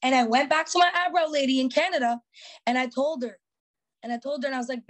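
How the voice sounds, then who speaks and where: A woman's voice: high voice, fast. A young woman hosting a podcast, giving a motivational talk in an emphatic, repetitive way with many "like" fillers. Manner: emphatic, repeats key phrases, frequent "like" fillers. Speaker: podcast host.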